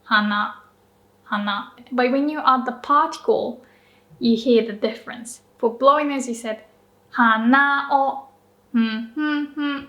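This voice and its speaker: A woman teaching pronunciation in a friendly lesson, drilling words with exaggerated rising and falling pitch and laughing often. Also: moderate pace, dull audio. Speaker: Japanese language teacher. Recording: roomy echo.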